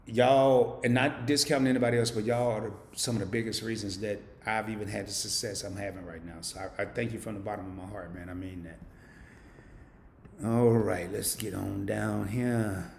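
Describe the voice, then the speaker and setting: A man hosting a casual live stream, reading viewer comments aloud and answering them playfully, swinging from loud hype down to low murmurs. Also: steady tone, a little fast, echoey room, slight background noise. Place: home.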